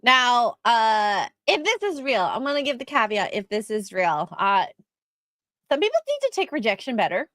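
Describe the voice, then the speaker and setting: A woman co-hosting a casual chat show, with a lively, chatty, self-deprecating manner. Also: a little high, normal speed, no room sound. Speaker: podcast co-host.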